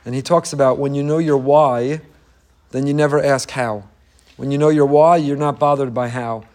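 A man's voice: mid-range voice, fairly even intonation, normal speed, darkish tone. A man preaching a passionate, emphatic sermon in English that is full of Hebrew phrases. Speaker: rabbi.

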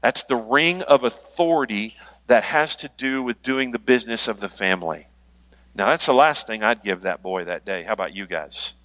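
Middle-aged man, pastor, bright voice, animated storytelling sermon. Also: medium pitch, normal speed. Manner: storytelling, animated, jokes with congregation.

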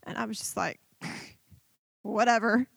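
A woman in her thirties giving a personal testimony to her church, talking haltingly with many fillers and restarts. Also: on the high side, fairly even intonation, no room sound. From Michigan. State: tearful.

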